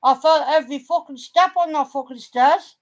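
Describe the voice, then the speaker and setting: A woman's voice: high-pitched, normal speed. A woman, chatting casually on a vlog, blunt and teasing, swearing freely. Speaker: vlogger. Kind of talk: casual chat.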